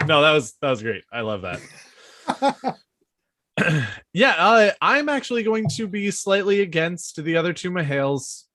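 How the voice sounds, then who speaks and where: Male podcast co-host, casual and rambling, animated pitch, dry close sound. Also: normal speed, long pauses, dry recording. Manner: animated, rambling with filler words and profanity. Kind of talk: casual book discussion.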